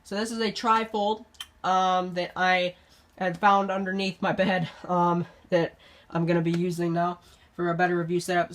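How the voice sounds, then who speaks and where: A young channel host talks through a casual update vlog while sick and stuffed up. The delivery rambles and halts, with lots of ums and false starts, at a middle pitch, recorded on a phone camera. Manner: rambling, halting, full of ums and restarts. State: sick, congested.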